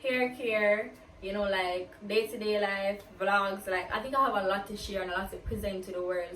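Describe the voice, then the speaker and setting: Casting: woman vlogger, chatty Q&A, mid pitch, recorded a little off-mic in a roomy space. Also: fairly even intonation, moderate pace, a bit bright, slight background noise. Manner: chatty, peppers talk with "like", slips into patois. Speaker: YouTuber. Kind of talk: casual get-to-know-me Q&A. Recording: roomy, distant from the mic, faint ambience.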